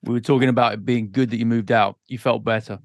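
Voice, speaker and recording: A man calmly asking questions as the interviewer. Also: mid-range voice, quick pace, slight background noise.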